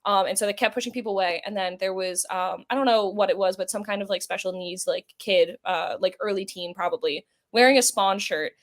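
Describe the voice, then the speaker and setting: Fast-talking woman podcast guest. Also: mid-range voice. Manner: chatty, rambling storyteller with many fillers. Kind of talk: casual interview chat.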